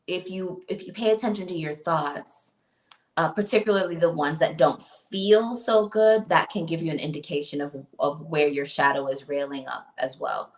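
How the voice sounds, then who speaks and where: A woman's voice: low voice, moderate pace. A woman hosting a casual self-help livestream, speaking in a meandering way with repeated words. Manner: meandering, repeats words, reads viewer comments. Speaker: spiritual self-help host.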